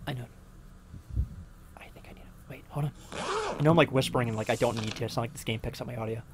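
A man's voice: mid-range voice, fairly even intonation, very fast, noisy background. Jittery young man narrating a horror game. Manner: nervous, rambling, muttering. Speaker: let's play host. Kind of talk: casual gameplay commentary.

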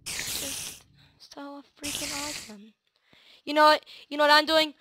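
A woman giving let's play commentary, excitable, shrieking and yelling at the screen. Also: high-pitched, moderate pace. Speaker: gaming video host. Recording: loud noisy hiss under the voice.

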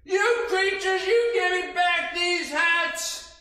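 A man putting on a frantic, shouty cap seller. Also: extremely high pitch, takes it slowly, pitched above the performer's own voice, exaggerated voice. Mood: shouting. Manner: shouty, exasperated. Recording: echoey room.

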